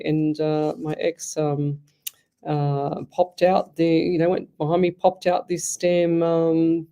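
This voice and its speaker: A deep, mellow female voice belongs to an Australian woman hosting a live psychic radio show. As a psychic medium, she chats effusively in a casual on-air style, rambling through one story after another.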